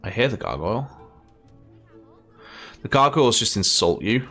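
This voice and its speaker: A man's voice: medium pitch, very animated, normal speed, pushed and bright, soft background music. A Scottish man giving casual, chatty commentary as he plays a game, laughing often and thinking aloud. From Scotland. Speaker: gaming streamer.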